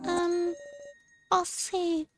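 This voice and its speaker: A woman's voice: very high voice, completely flat delivery, over music, pitched above the performer's own voice, exaggerated voice. A woman voicing a shy, frightened girl. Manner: quiet, halting.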